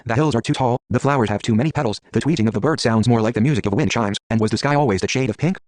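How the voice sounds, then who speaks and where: A man reading a text adventure game aloud in a brisk, matter-of-fact way. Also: mid-range voice, darkish tone, no echo.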